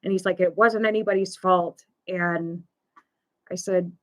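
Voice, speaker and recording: Slow-talking woman telling a story. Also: lowish voice, steady tone. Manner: slow, conversational, with fillers and retold dialogue. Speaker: pet loss support host. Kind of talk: storytelling in a live stream talk.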